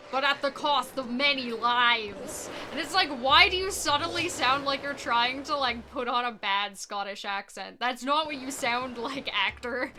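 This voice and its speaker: Woman streamer, higher voice, loose chatty delivery, game music loud underneath. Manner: chatty, reads chat aloud, laughs often. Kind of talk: casual speedrun stream chat. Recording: game music playing behind.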